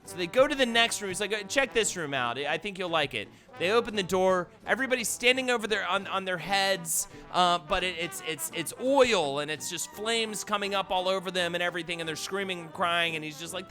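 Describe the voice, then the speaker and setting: A man's voice: sits high, brisk, few pauses, pushed and bright, soft background music. A man hosting a live stream, reading listener jokes aloud and laughing often. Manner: playful joke-telling, laughs often. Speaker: host.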